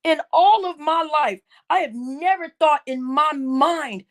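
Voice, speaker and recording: A woman's voice: sits high, lively intonation, slow. A woman hosting a livestream, scolding her viewers in a heated, indignant rant and repeating her points. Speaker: livestream host.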